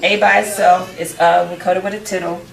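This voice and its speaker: A woman's voice: on the low side, flat delivery, a little fast, gravelly, a crowd in the background. A woman, teaching a classroom phonics lesson, patiently prompting her students and restarting phrases. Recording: roomy, distant, faint background noise.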